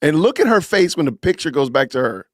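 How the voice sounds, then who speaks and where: A man with a slightly high voice hosts a casual livestream podcast. He comments on a clip in a sarcastic, teasing way. His voice is recorded dry and close. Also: very animated, a little fast, no room sound. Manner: sarcastic, mocking, laughs often. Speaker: podcast host.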